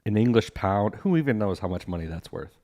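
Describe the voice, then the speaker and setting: A man's voice: fairly low pitch, expressive, a little fast, darkish tone. A man co-hosting a podcast in casual chat, joking and teasing his co-host.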